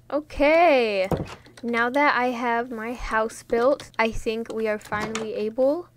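A woman's voice: on the high side, a little hiss or hum. A young woman from New York casually chatting and joking while playing a video game, full of fillers, laughs and sudden startles. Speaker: gaming vlogger. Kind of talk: casual gameplay commentary.

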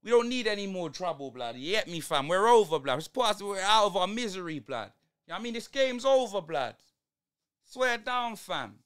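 A man's voice: high-pitched, sing-song, normal speed, a bit bright, clear, resonant tone. A young man ranting through a live football watch-along, heavy on street slang and exasperation.

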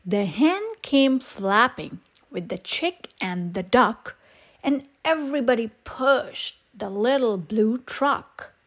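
A woman reads a children's picture book aloud in a sing-song storytime manner. Her voice is high and very lively, rising and falling with each line. She takes her time and keeps it very slow. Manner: sing-song, expressive, unhurried.

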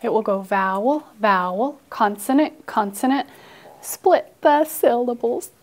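A woman teaching a phonics lesson to a class, playfully dramatic and coaxing, with sighs and hushed asides. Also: fairly high pitch, unhurried.

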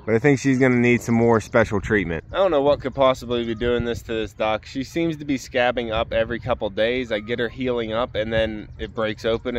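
A man vlogging from his homestead barn, talking through his animals' care and chatting softly to his ducks. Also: medium pitch, dull audio, slight background noise. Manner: talks gently to his animals in a raised sing-song voice. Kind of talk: casual vlog narration. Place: outdoors at a barn with farm birds. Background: ducks, geese and chickens honking.

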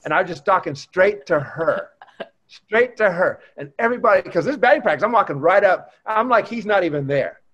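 A man in his fifties, a former pro baseball player, chatting as a podcast guest and telling relaxed, expressive stories. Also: high-pitched, a little fast, slightly rough. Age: 50s. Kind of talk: casual chat. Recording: dull lo-fi remote audio.

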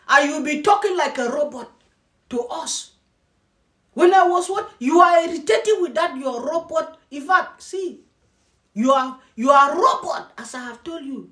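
Scornful woman with a high voice. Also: a bit bright. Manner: scornful, scolding, repeats herself for emphasis. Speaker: vlogger. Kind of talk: mocking reaction commentary. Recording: roomy echo.

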